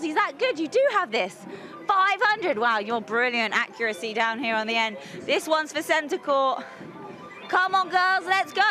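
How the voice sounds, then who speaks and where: A woman's voice: high voice, animated, measured pace, pushed and bright, soft background music. A woman presenter interviewing people outdoors at a tennis venue and hosting a game, bubbly, cheering and encouraging.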